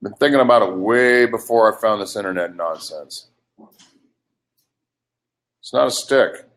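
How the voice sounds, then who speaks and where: A man's voice: lowish voice, lively intonation, a little slow, fairly bright tone. An older man in a heated live webcast argument, ranting in an agitated, profane way. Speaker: livestream participant.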